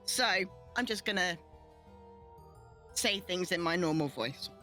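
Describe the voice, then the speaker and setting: A woman's voice: lowish voice, lively intonation, a little slow, a bit bright, faint music behind. A woman running a tabletop game as game master, teasing her players playfully.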